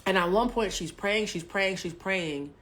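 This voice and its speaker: A woman in her forties from Haiti, a spiritual coach telling a personal story on a livestream in a blunt, profane way, swinging from loud bursts to hushed asides. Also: mid-range voice, measured pace. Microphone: webcam or phone mic on a home livestream.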